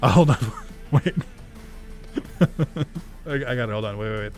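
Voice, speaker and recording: A young man doing casual let's play commentary, excitable, laughing often and swearing freely. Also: medium pitch, normal speed, soft background music.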